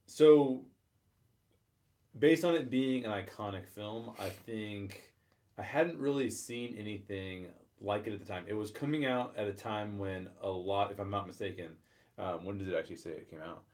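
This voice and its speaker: Male podcast co-host, lowish voice, hesitant and rambling delivery. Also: normal speed, a little mellow. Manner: hesitant, thinks aloud with ums. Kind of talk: casual chat.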